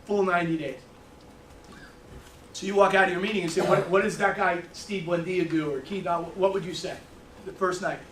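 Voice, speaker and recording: A man leads a sales training in a meeting room, throwing questions at his audience and telling brash, joking stories. His voice sits high and bright. He is picked up from far off, in a room with plenty of echo. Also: fairly even intonation, brisk, pauses often, slight background noise. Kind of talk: live training talk. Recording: echoey room, mic from far off.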